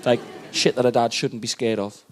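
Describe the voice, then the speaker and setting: A man's voice: medium pitch, fairly even intonation, normal speed, a little hiss or hum. A man, doing a stand-up set in an exasperated, ranting manner. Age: 30s. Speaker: stand-up comedian.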